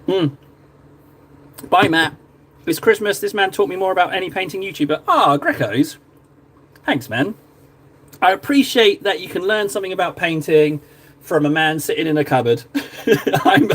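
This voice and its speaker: Guy from cornwall chatting on his stream, jokey, kinda high voice. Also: expressive, moderate pace, pauses often, fairly bright tone, slightly rough. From Cornwall, England. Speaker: live-stream miniature painter. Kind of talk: casual live-stream chat.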